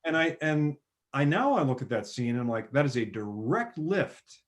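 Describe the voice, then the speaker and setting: A man in casual chat, retelling movie scenes with animated bursts of excitement. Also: mid-range voice, normal speed. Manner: animated storyteller, acts out film scenes with sudden loud bursts. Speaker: podcast guest.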